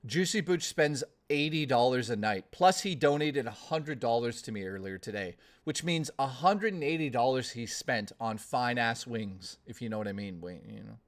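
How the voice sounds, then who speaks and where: Male streamer, casual, rambling, swears a lot, mid-pitched. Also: lively intonation. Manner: rambling, profane, quick to rant. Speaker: livestreamer. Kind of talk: casual live-stream chat.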